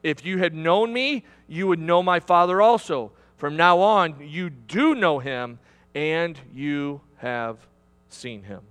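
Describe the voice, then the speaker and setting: A man's voice: high-pitched, fairly bright tone. A man preaching a sermon to a congregation, emphatic, with repetitions and restarts. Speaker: pastor. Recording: long hall reverb.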